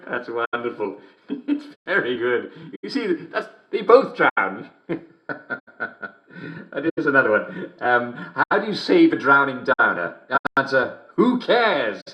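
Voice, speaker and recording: A man's voice: mid-range voice, big pitch swings, takes it slowly, bright, forceful tone, exaggerated voice. An actor playing a jovial English radio show host in a game, chuckling constantly as he reads out jokes. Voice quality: constant chuckling, theatrical cheer. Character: jovial radio show host, male middle-aged, relentlessly cheerful. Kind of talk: game character radio broadcast. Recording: game dialogue recording.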